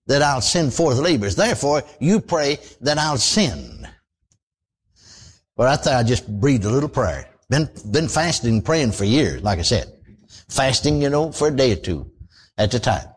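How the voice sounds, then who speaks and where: A man's voice: mid-range voice, slightly rough. A man preaching a sermon in a folksy style, often exclaiming praise and asking for amens. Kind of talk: radio sermon.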